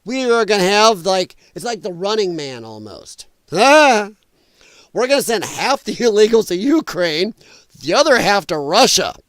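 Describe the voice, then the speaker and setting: A man with a notably high voice hosts a casual livestream, talking straight to his chat. He is animated and laughs often between riffs. The sound is close and dry, with no room around it. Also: normal speed, no echo. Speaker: livestream host.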